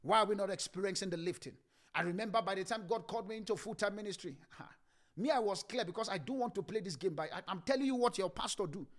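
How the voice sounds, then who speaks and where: A man's voice: high-pitched, fast talker. A middle-aged male pastor preaching a sermon emphatically, swelling and dropping his volume and repeating phrases.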